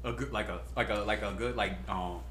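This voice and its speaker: Bright, slangy podcast co-host. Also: male voice, on the low side, a little fast, slight background noise. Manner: animated, slangy, heavy on "like". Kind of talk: casual chat. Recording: roomy echo.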